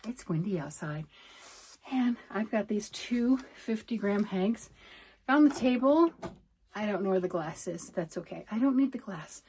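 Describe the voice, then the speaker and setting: A woman's voice: medium pitch, animated, measured pace, dark tone, slight background noise. A middle-aged woman rambles cheerfully through a knitting vlog, thinking aloud as she works. She sounds a little out of breath, and her talk wanders from point to point. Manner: chatty, rambling, self-talk while working. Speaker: knitting vlogger. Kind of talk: casual chat.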